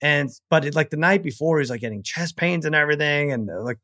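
A middle-aged man co-hosting a sports podcast, telling stories in a loose, rambling way. He stops and restarts often and pokes fun at himself. His voice sits a little higher than most men's. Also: lively intonation, sharp tone, dry recording, clean studio sound. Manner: rambling, halting, self-deprecating. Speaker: podcast co-host. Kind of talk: casual storytelling chat.

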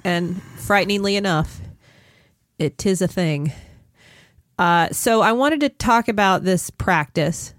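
A woman's voice: mid-range voice, takes it slowly, no room sound, studio quality. A woman with a stuffy, nasal voice from a cold, co-hosting a casual podcast with a wry, slightly exasperated manner. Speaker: podcast co-host. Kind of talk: casual chat.

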